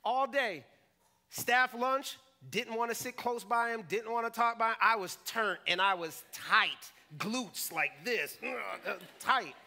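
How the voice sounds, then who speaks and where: A high-pitched male pastor preaching in church, bright and forceful in tone. He jokes, acts out quotes and keeps the sermon animated. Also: measured pace, vocal fry, hardly any pauses. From Jamaican family roots. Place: church stage.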